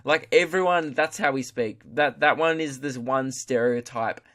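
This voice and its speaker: A man's voice: mid-range voice, moderate pace, fairly bright tone. A young Australian man hosting a solo comedy podcast. He rambles, mocks himself, swears freely and talks in broad slang. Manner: rambling, jokey, self-mocking, swears freely. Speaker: podcast host.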